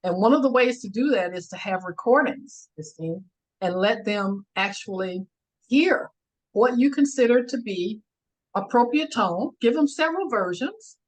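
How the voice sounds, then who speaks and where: A woman trainer talks on a webinar over a video call. She speaks in an emphatic, encouraging way, like a teacher. Her voice sits at a middle pitch for a woman. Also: expressive, normal speed, rough recording. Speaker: communication trainer. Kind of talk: webinar discussion.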